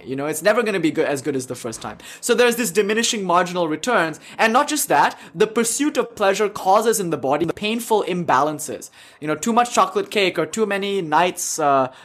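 A young man talks to his yoga class in a loose, joking way, full of ums and easy laughter. His voice sits a little high for a man. He drifts from one point to the next like a casual teacher speaking off the cuff. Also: a bit bright. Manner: laughs often, jokey, rambling with fillers. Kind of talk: casual spiritual talk to a class.

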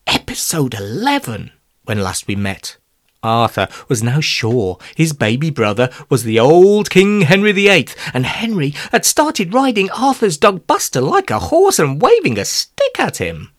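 A man's voice: a little high, unhurried, dry recording, clean studio sound. A man narrating a rhyming children's storybook aloud. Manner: lively rhyming read-aloud, voicing every character. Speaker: narrator and author-reader.

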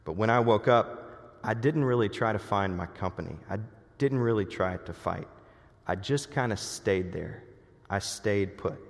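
A man voicing a scared young army private who talks in a hesitant, quiet way. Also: fairly low pitch, unhurried, gravelly, long reverb tail. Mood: sheepish.

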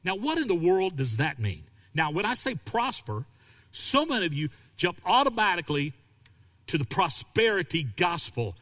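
A male pastor preaching a sermon, animated and acting out quoted voices. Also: sits high, normal speed, big-room sound.

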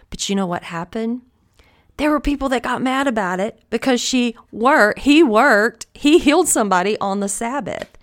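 A woman's voice: a little high, expressive, moderate pace. A woman host giving a conversational devotional Bible teaching, earnest and encouraging, often thinking aloud.

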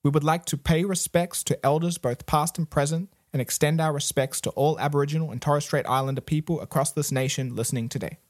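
A man's voice: fairly high pitch, steady tone, fairly quick, few pauses, no room sound, studio quality. A man hosting a podcast, casually and easily walking through the week's news. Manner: easygoing, walks through news stories. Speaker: podcast host.

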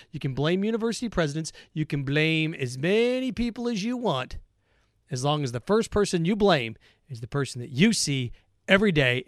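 Male sports radio host, high-pitched and angry, sarcastic heated monologue, dry close mic. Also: no echo. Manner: heated, sarcastic, repetitive emphasis.

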